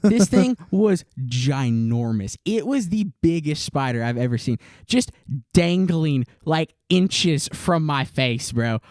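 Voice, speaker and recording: A man's voice: fairly high pitch, takes it slowly, no echo, clean studio sound. A young man co-hosting a casual podcast, telling a story with lots of "dude" and "like". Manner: animated storyteller, says "dude" and "like" a lot. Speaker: podcast co-host.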